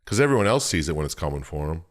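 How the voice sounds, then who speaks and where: Man, very deep voice, casual podcast chat, rambling retelling, swears a lot, laughs often. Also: big pitch swings, very fast. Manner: loose, profane storytelling with frequent laughs. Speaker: podcast co-host. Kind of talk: casual chat recapping a video game.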